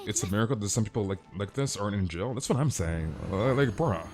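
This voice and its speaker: A man's voice: lowish voice, expressive, fast, over music. A man streaming a game and ranting in casual chat, swearing and filling his talk with "dude" and "like.". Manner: swears and repeats himself.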